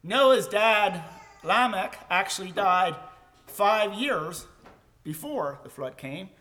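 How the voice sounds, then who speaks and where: Pastor, male, high and bright, unhurried emphatic sermon delivery. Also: animated. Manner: slow, emphatic storytelling with rhetorical questions. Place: church sanctuary.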